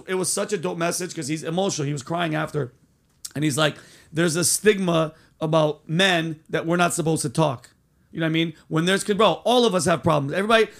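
A man's voice: high-pitched, vocal fry, fairly bright tone. A man hosting a podcast, talking casually in loose, profane street slang. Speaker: podcast host. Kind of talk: casual chat.

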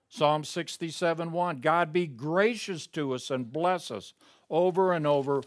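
Man preaching a sermon, pulpit voice. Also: fairly high pitch. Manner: swings between raised emphatic reading and hushed prayerful murmur. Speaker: pastor.

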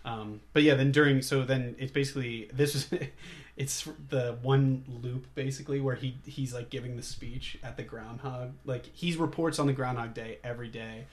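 Brief: easygoing male podcast co-host, casual chatter, quick laughs, mid-pitched voice. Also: steady tone. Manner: laid-back, laughs often, acts out scenes in quotes. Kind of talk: casual movie chat.

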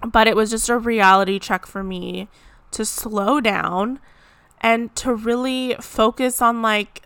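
A woman's voice: medium pitch, a bit bright, smooth, no room sound. A woman vlogging in a casual, rambling chat, with lots of "like" fillers and self-corrections. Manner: chatty, rambling, frequent "like" fillers. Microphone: close mic.

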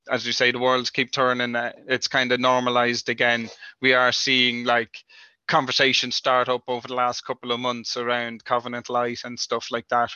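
A man's voice: mid-range voice, sharp tone, clean tone, no room sound, lo-fi sound. A man answering interview questions about lending, talking in loose, rambling sentences full of "you know, like" fillers. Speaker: industry guest.

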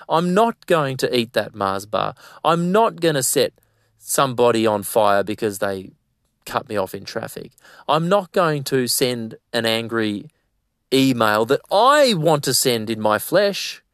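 A man's voice: medium pitch, lively intonation, unhurried, dry recording, studio quality. A man preaching a sermon, fervent and exhorting, with sudden emphatic bursts.

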